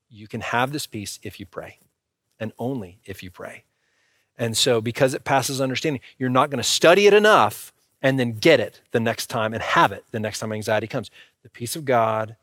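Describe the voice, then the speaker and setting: A man's voice: mid-range voice, a bit bright, dry recording. Man, pastor, conversational sermon, talks with the congregation, dry close sound.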